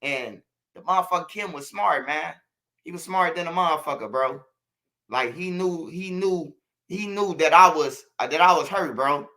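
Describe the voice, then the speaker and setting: A channel host from Chicago, speaking with a Chicago accent, gives viewers a direct monologue that's slangy, repetitive and preachy. He has a fairly high, sharp-toned voice and a moderate pace.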